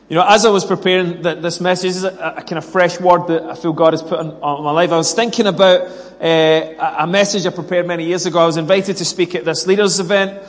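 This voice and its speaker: A man's voice: high voice, fairly even intonation, fast, few pauses, big-room sound. A British man preaching a sermon with prayer and personal stories, earnest and self-deprecating, acting out bits of dialogue. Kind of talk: sermon with scripture reading, prayer and personal story.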